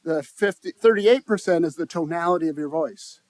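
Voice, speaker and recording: A man speaking to a conference audience in a slightly high voice. He talks conversationally, restarts his phrases and puts questions to the listeners. The sound is dry and close. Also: moderate pace, darkish tone, dry recording. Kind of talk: live conference talk to an audience. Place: conference room.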